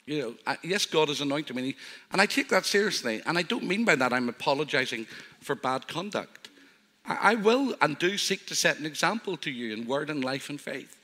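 A man's voice: a little high, animated, fairly quick. An older man preaching as pastor, telling humorous personal stories. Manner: warm storytelling with self-deprecating humor. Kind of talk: sermon. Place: church hall. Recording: live church hall reverb.

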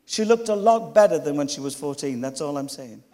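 A man's voice: fairly high pitch, expressive, fairly quick, warm tone. A middle-aged man preaching a storytelling sermon, with chatty, humorous asides to the congregation. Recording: long hall reverb.

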